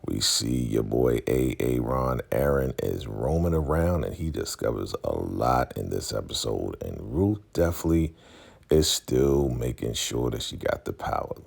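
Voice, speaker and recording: A man's voice: very deep voice, animated, a little slow, creaky, darkish tone, slightly rough. A man chatting casually as he recaps a TV episode in a laid-back, slangy manner. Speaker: TV recap vlogger.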